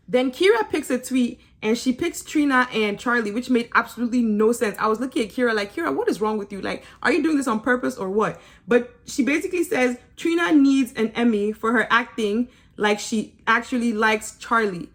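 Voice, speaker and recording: A woman's voice: a little high, expressive, brisk. A woman recapping a reality show in a casual, opinionated way, teasing and laughing often and mimicking people in sarcastic asides. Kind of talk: casual episode review.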